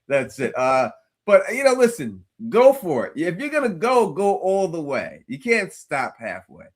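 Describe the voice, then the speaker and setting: A man's voice: a little high, huge pitch swings, unhurried. A man in a casual recap chat, earnestly spinning theories and repeating words as he thinks.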